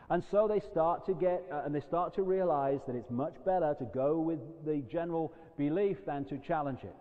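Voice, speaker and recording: Emphatic man lecturing in a hall. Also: on the high side. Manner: animated and emphatic, jumping between loud outbursts and quiet asides. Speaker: public speaker. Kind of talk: live lecture to an audience. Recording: dull echoey hall recording.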